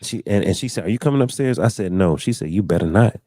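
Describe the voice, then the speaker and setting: A young man hosting a podcast, telling an animated story and acting out the voices in it. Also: fairly low pitch, quick pace, dry recording. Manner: acts out voices in his stories, preachy exclamations. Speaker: podcast host.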